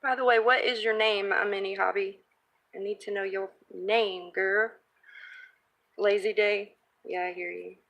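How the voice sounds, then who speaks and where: A woman's voice: medium pitch, steady tone, measured pace, gravelly, fairly bright tone. A woman crafting vlogger chatting casually as she works and thinks aloud, reading viewer comments. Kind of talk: casual live-stream crafting chat.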